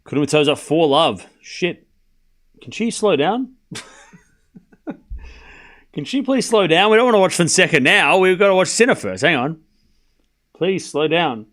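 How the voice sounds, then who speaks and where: A man's voice: a little high, lively intonation, a little slow, long pauses, fairly bright tone. A man streaming a live tennis watchalong, mixing casual play-by-play with teasing replies to his chat. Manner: chatty, teasing, talks straight to his chat.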